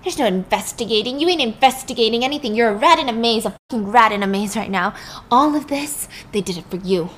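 Woman doing a scarred male asylum inmate, bitter, accusing, highish voice. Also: lively intonation, fast, close to an everyday voice.

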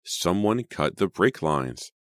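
A man's voice: extremely low pitch, animated, normal speed, no echo, studio quality. A man voicing a frightened, bitter teenage girl in an audiobook, speaking grimly and insistently. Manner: grim and insistent. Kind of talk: audiobook character voice.

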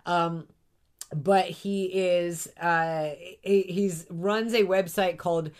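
A woman with a slightly low-pitched voice chats casually as a podcast co-host. She talks loosely, with plenty of fillers and restarts, and laughs often. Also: fairly even intonation, takes it slowly, darkish tone. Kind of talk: casual chat reviewing a comedy series.

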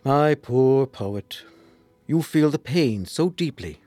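An actor playing a divine father consoling his grieving son, solemn and soft-spoken. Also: mid-range voice, lively intonation, slow, dry recording, soft background music. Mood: solemn comfort. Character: gentle divine father god, male, ageless, comforting. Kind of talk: storybook audio drama.

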